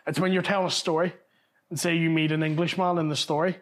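A man from Northern Ireland, a comedian, chatting casually in a pub with lively storytelling and the odd swear. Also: on the high side, quick pace. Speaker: comedian guest.

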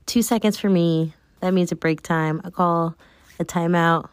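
A woman's voice: lowish voice, steady tone, a little slow, no echo, studio quality. A woman hosting her own show, chatting casually and rambling with plenty of fillers. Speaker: podcast host. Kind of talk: casual solo chat.

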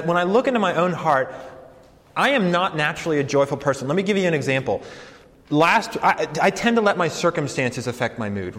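A young adult man, a campus ministry pastor, giving a conversational sermon with self-deprecating, animated storytelling. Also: on the high side. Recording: long hall reverb.

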